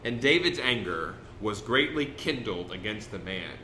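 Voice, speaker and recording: Bright-voiced male preacher, conversational. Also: lowish voice, animated, moderate pace, slight background noise. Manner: conversational, folksy, with self-interruptions. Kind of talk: sermon.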